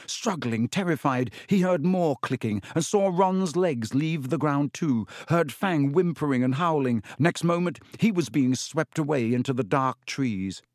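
A man's voice: on the high side, animated, a little slow, few pauses, a little mellow, no echo. Man narrating a storybook, dry sound. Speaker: audiobook narrator. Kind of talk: scripted narration.

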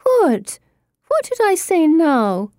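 Woman doing a spoiled teen girl, high and whiny, all drama, audiobook vibe. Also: expressive, unhurried, mellow, no echo, clean studio sound. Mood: plaintive.

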